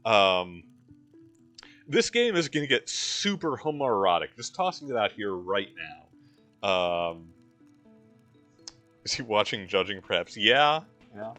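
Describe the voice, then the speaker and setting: A man's voice: fairly low pitch, big pitch swings, slow, pauses often, bright, forceful tone, soft background music. A man hosting a let's play, giving casual gameplay commentary with wry, joking asides.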